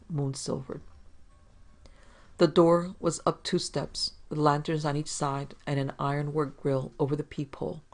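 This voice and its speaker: A podcast narrator reading a 1940s crime story in an even, measured way. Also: mid-range voice.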